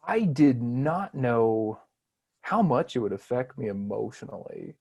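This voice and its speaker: A man in his thirties speaks as a podcast guest in a warm, mellow voice. He talks casually and wanders through his thoughts with self-deprecating humor, in a reflective way. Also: medium pitch, big pitch swings, takes it slowly, creaky, husky. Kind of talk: casual conversational interview.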